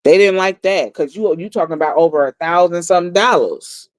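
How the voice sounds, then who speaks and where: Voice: mid-range voice, a little fast, no echo. Blunt, profane livestream storyteller. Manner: blunt and profane, repeating lines for emphasis. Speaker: livestream host. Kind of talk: heated storytelling recap.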